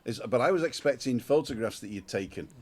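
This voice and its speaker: A man's voice: mid-range voice, animated, fairly quick. A man hosting a casual livestream chat on an outdoor balcony, greeting viewers and reading out their names, recorded on a smartphone. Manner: chatty, reads out viewer names. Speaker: livestream host.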